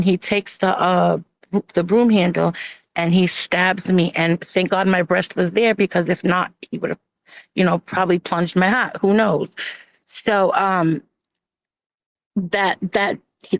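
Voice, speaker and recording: A woman telling her own hard story on a live stream, halting with many pauses and restarts and acting out what others said. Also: on the low side, fairly even intonation. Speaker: guest sharing her personal story. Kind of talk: emotional personal testimony on a live stream. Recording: dull lo-fi stream audio.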